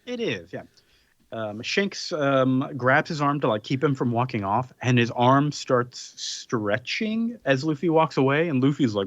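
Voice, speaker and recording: A man's voice: medium pitch, a little slow, dry recording, highs cut off. Man casually recapping a comic. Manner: relaxed recap with frequent ums and chuckles. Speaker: podcast host. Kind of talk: casual chat, summarizing a comic.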